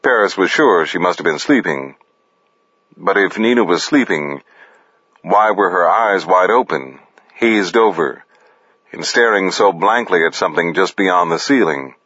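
A man narrating fiction in an expressive, deliberate manner. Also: deep voice, dry recording, lo-fi sound. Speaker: audiobook narrator.

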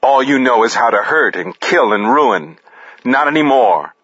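A man's voice: medium pitch, lively intonation, measured pace, a bit bright, husky, no room sound, lo-fi sound, pitched above the performer's own voice, heavily acted. A man voicing an enraged armed man seeking revenge, furious and accusing, in a story reading.

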